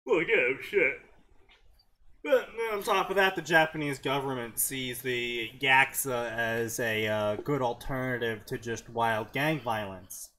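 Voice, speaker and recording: A man's voice: medium pitch, unhurried, sharp tone, slight background noise. A man co-hosting a casual comedy show, reading fanfiction aloud and making dry, sarcastic remarks. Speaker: co-host.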